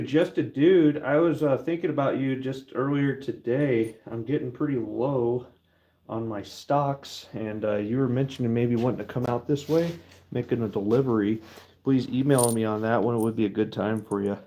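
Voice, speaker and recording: A man's voice: lowish voice, dark tone. Middle-aged guy joking around while he stamps a silver bar, chatting to his dog. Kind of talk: casual talk to camera while working.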